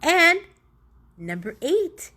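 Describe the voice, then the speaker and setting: A woman's voice: very high-pitched, big pitch swings, very slow, bright, forceful tone. A middle-aged woman talking casually and earnestly through motivational tips, often rambling and correcting herself. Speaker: motivational vlogger.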